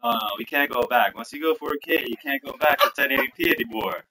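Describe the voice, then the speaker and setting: A man's voice: mid-range voice, fast, pushed and bright. A man playing a game with a friend on a livestream, bantering in a laid-back way. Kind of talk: casual gaming chat. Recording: noisy sensor-mic capture.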